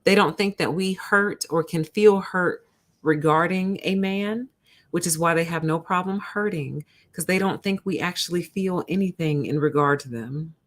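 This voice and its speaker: A woman hosting a livestream talks straight to her chat in a fairly low voice. She tells her stories in an animated, chatty way. She calls her listeners honey and y'all. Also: moderate pace. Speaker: host.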